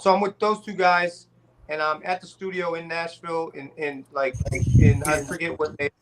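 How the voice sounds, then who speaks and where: Rambling storyteller man, raised pitch. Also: steady tone, normal speed, fairly bright tone. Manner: rambling storytelling, frequent restarts and profanity. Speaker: guest rapper telling a story. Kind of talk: casual podcast chat.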